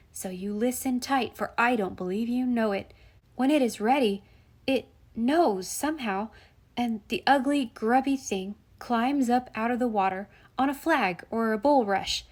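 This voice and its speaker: Lady reading as an earnest small boy, eager and chatty, a bit higher. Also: a little mellow. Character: earnest young boy telling about insects. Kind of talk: audiobook reading.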